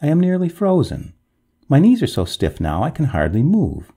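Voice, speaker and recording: A man's voice: fairly high pitch, wildly swooping pitch, moderate pace, mellow, husky, pitched above the performer's own voice, full character voice. A man voicing a cold, pleading female water ghost of an old manor, melodramatic and imploring in a storybook reading. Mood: desperate. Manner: pleading, melodramatic, rising to wails.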